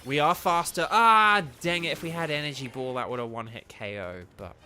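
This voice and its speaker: A man's voice: medium pitch, lively intonation, fast talker, bright, forceful tone, faint music behind. A man streaming a video game, chatting casually in a rambling, self-deprecating way. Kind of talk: casual let's-play commentary.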